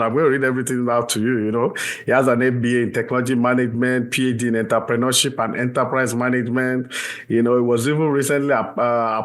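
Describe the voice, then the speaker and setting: A male host welcoming a guest in a lively, chatty manner. He keeps the talk loose and conversational, often slipping in "you know" between phrases. His voice sits at an ordinary male pitch. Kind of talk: talk show introduction and interview.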